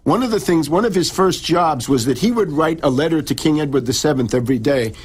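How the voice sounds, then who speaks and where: A man's voice: on the high side, animated, a little fast, breathy edge. A middle-aged man, an in-studio guest, lecturing on history in a radio interview, restarting and repeating words as he goes. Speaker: in-studio guest author and researcher.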